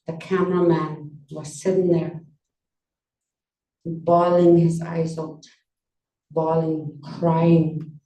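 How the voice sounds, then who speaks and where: A woman on a book launch panel telling a personal story, soft-spoken and unhurried, with many pauses. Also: low-pitched, little pitch movement, dull audio. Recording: roomy sound from a distance, faint noise.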